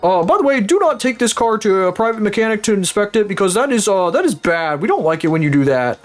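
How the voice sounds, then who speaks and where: A man putting on a smarmy used car salesman, pitched well above his normal talking voice and reeling off an oily, rehearsed sales pitch. Faint music plays behind the voice. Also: big pitch swings, fast.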